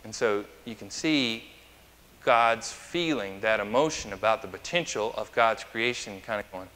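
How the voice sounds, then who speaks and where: In a church sanctuary, a male pastor's fairly low but crisp, forceful voice rings out with long reverb. Expressive and unhurried, he delivers a conversational sermon full of anecdotes and chatty asides, putting questions to the congregation.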